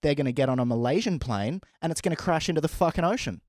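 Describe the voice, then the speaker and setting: A man's voice: fairly high pitch, animated, quick pace, a little mellow, a little hiss or hum, natural voice. A man voicing a rude, abrasive woman comic at an open mic, with a blunt, sneering delivery in his own voice.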